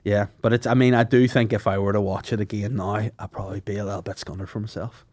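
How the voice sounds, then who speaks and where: A man's voice: lowish voice, little pitch movement, fast, darkish tone, no echo, clean studio sound. A man with a Northern Irish accent, a podcast guest trading crude, laughing banter in casual chat.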